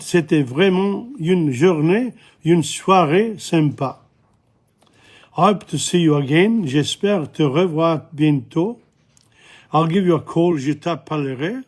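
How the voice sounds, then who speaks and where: A man teaching a casual French lesson in English, repeating phrases and chatting as he goes, his voice going hoarse. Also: fairly high pitch. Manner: chatty, self-interrupting, repeats phrases slowly. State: losing his voice, coughing. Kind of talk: casual spoken language lesson.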